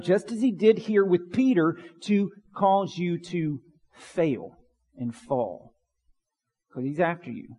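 Earnest preaching man, higher voice. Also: a little mellow, breathy edge, big-room sound. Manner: earnest preaching, repeats phrases for emphasis. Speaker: pastor. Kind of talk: sermon.

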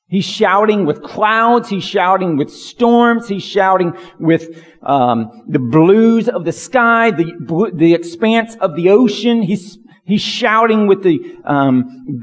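A man's voice: high-pitched, big-room sound. A man preaching a sermon as pastor, emphatic and building to fervent lists of praise.

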